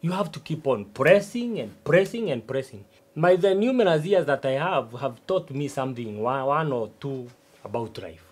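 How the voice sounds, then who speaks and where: A man speaking in a mid-range voice close to his everyday one plays an older, stubborn, boastful retired farmer. He's a substitute teacher in a TV sitcom, animated and swooping, drawing out self-important rhetorical asides.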